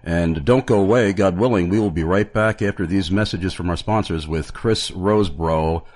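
A man's voice: deep voice, moderate pace, darkish tone. A man hosting a radio show, announcing the break and inviting questions. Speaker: radio host.

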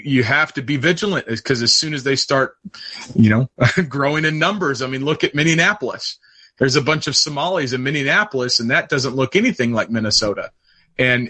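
Bright-voiced plainspoken male guest. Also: medium pitch. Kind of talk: casual talk.

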